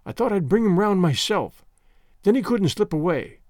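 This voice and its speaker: A man reading the part of a dutiful railway guard who speaks in a confiding, hushed way. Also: high-pitched, big pitch swings, moderate pace, dry recording, studio quality.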